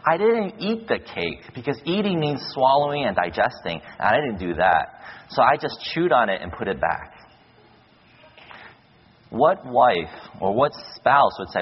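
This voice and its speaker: A man of ordinary pitch delivers a sermon, slightly husky, acting out quotes as he tells his stories. The sound is muffled and lo-fi, with a long echo from a large hall. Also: measured pace. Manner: animated storytelling with acted-out quotes. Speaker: pastor. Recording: dull echoey hall, lo-fi.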